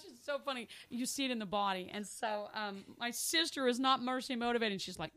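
Chatty higher-voiced woman teaching a Bible study. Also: brisk, sharp tone, no echo. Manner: chatty, checks in with "okay?" and often laughs; acts out little dialogues in other voices. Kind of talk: casual teaching on spiritual gifts.

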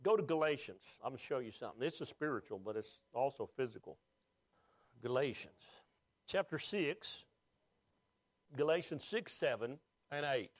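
A man's voice: medium pitch, lively intonation, moderate pace, pauses often, no echo. A pastor preaching a sermon, asking the congregation questions and rising with emotion as he is moved.

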